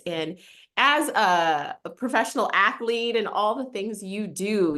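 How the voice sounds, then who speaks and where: A woman's voice: mid-range voice, a bit bright. A woman hosting a webinar over a video call, asking empathetic questions and sharing her own experience as a mother. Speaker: webinar host. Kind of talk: hosted webinar interview.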